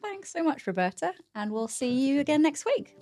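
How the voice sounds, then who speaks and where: A woman co-hosting a podcast, talking casually and haltingly, often restarting her sentences. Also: high-pitched, sing-song, music in the background. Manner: hesitant, many restarts and fillers. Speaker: podcast co-host.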